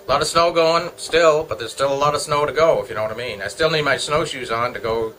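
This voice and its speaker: Bright-voiced man rambling casually. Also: mid-range voice, fast talker, low-quality recording. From Canada. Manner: joking, meandering, talks to himself. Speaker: vlogger. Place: home.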